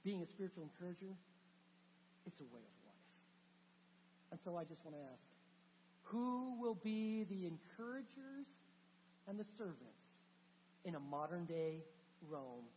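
A man preaching a sermon as pastor, telling a story with animated, conversational asides in a church. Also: high voice, normal speed, long pauses, slight background noise. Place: church sanctuary. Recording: long church reverb.

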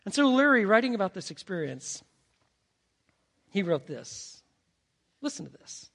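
A male pastor preaching a sermon and telling a story, swinging between hushed and loud delivery. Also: high voice, big pitch swings, a little slow, creaky, long pauses.

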